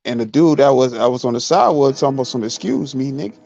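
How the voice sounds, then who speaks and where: A man doing reaction commentary, telling stories in a loud, joking way. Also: medium pitch, racing, faint music behind. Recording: dull lo-fi audio.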